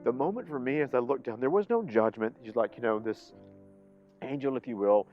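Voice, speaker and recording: A man's voice: medium pitch, sing-song, highs cut off. Reflective man over faint music. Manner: reflective, halting, soft-spoken at moments. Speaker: interviewee recounting a near-death experience. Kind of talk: personal storytelling.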